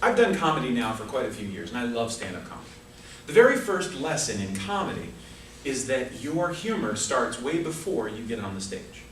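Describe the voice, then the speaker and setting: Lively storytelling man in an echoey room. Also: mid-range voice, a little fast, recorded from a distance, slight background noise. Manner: storytelling with comic asides. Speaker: speaker at a speaking club. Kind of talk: prepared humorous speech. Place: club meeting room.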